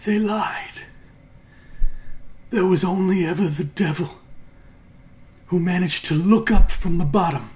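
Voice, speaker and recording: A man's voice: high-pitched, darkish tone. A man doing a crazed, haunting android. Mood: ominous. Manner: slow, intense, ominous delivery. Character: crazed, mutilated male android, haunting and dark.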